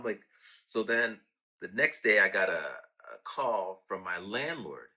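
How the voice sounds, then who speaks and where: A man with a low-pitched, bright and forceful voice talks casually about his raps. He acts out sound effects and quoted lines as he goes. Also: very animated, unhurried. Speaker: rapper talking about his own songs. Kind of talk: casual storytelling.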